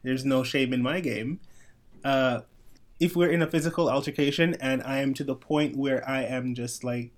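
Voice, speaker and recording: Soft-spoken man telling stories on a podcast. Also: medium pitch, fairly even intonation, moderate pace. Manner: soft-spoken, storytelling with acted-out quotes. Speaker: podcast co-host. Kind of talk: casual podcast chat.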